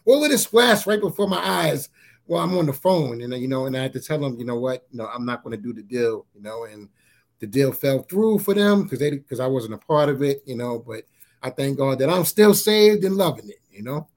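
A man sharing a personal testimony in a casual interview, halting and repeating his words as he tells it. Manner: halting, repeats words, often says "you know what I'm saying"; grows animated at high points.

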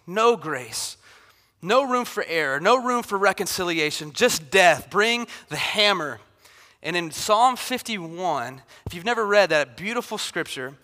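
A man in his thirties, a pastor, preaching a sermon in a casual, animated way. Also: high-pitched. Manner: casual and animated, acts out Bible figures. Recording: long hall reverb.

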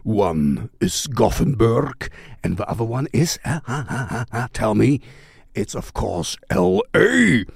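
A man hosting a casual music vlog, talking at an unhurried, drawn-out pace. His voice has a gravelly, fry-heavy edge. He rambles playfully and leans on a lot of fillers, and the sound is dry and close. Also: medium pitch, very animated, dry recording. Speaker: music vlogger.

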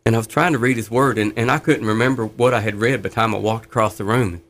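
A man's voice: fairly low pitch, fairly even intonation, fast talker, fairly bright tone. A middle-aged man sharing his faith testimony in conversation, fervent and earnest, telling stories with laughs.

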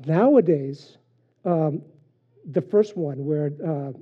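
A pastor delivers a conversational sermon in a slightly high, husky voice, often pausing on fillers as he teaches. The recording sounds dull and lo-fi. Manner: conversational preaching with frequent fillers and anecdotes.

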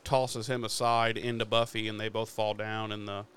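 A man casually retelling a TV episode for a podcast, swearing often and slipping into quick quoted lines. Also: fairly low pitch, flat delivery, fairly bright tone, smooth. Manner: swears freely while retelling episode scenes. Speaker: podcast host. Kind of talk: casual recap chat.

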